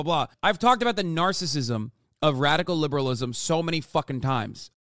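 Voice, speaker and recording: A man in his thirties streaming, reacting to a video with an angry, profane rant that bursts into shouts. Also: fairly high pitch, dry recording, studio quality. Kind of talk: ranting reaction commentary.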